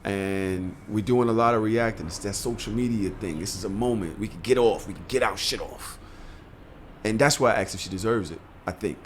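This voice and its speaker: Deep-voiced man hosting a podcast. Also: slight background noise. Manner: reads comments aloud, halting with fillers. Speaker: podcast host. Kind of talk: casual podcast chat.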